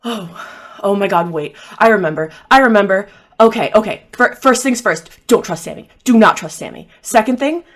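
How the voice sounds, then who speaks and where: Woman playing a panicked young mother; high, breathless, stammering. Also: sing-song, slow, long pauses, breathy edge, full character voice. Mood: urgent. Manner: breathless, stammering, repeats herself.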